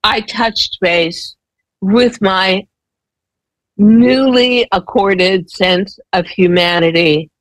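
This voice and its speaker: A woman's voice: medium pitch, very slow, no echo, poor audio. A woman sharing personal stories as a guest in a conversation, candid, emotional and emphatic.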